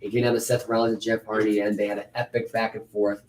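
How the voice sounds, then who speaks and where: A man co-hosting a casual wrestling recap, blunt and ranting, quick to call things terrible. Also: on the low side, level tone, a little mellow, a little hiss or hum. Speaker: podcast co-host.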